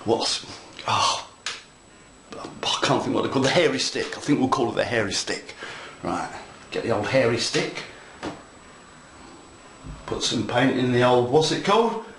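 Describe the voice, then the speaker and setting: A man's voice: mid-range voice, lively intonation, a little slow, long pauses, fairly bright tone. A man giving a casual hands-on model railroad tutorial, chatty, playful and enthusiastic as he talks viewers through his work. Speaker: model railroad hobby instructor. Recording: echoey room with faint noise.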